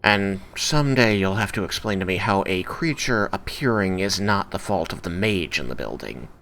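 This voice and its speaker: A man's voice: sits low, animated, normal speed, creaky, a bit bright, slight background noise, heavily acted. A man voicing a stern, prideful female tiefling clerk who talks in an icy, curt and scolding way.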